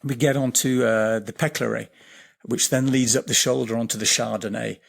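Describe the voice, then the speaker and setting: A man, a podcast guest telling a vivid, swearing story, repeating words and slowing down at tense moments. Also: mid-range voice, steady tone, creaky. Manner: slows down and lifts his voice at tense moments. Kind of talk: animated storytelling in a podcast interview.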